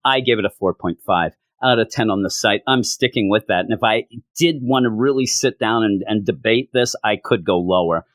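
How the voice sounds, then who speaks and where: A man's voice: fairly low pitch, normal speed, no room sound. A man reviewing a comic book in a sarcastic, exasperated way. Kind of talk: video review.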